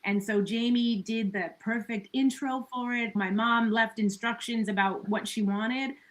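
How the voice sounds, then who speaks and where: A woman's voice: a little high, fairly even intonation, measured pace, poor audio. Chatty, reflective woman podcast guest. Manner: chatty, many "like" and "you know" fillers, laughs between thoughts; earnest and reflective. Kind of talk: casual conversation.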